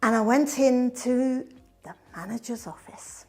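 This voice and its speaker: A middle-aged woman tells her life story in a personal presentation, taking her time over each phrase. Her voice sits fairly high and moves from bright, punchy emphasis down to near-whispered asides. Faint music plays underneath. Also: measured pace.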